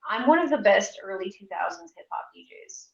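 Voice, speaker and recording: A woman's voice: medium pitch, lively intonation, brisk, creaky. Chatty, profane woman in an echoey kitchen. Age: 40s. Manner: chatty, profane, self-deprecating. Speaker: streamer. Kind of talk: casual cooking livestream chat. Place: home kitchen. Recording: echoey room, dull lo-fi audio.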